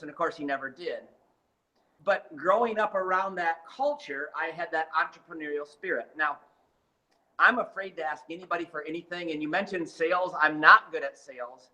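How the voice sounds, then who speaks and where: A man's voice: a little high, low-quality recording. A man telling his life story in an interview, emphatic and dramatic, getting fired up as he speaks. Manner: gets fired up and animated. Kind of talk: motivational storytelling.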